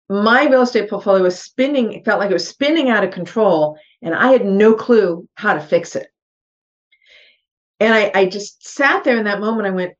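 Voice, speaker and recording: An earnest, animated middle-aged woman, a real estate investor appearing as a podcast guest, tells her personal story in an interview, acting out her own thoughts as quotes. Her voice is medium-pitched at a normal speed, and the podcast audio is slightly dull and muffled.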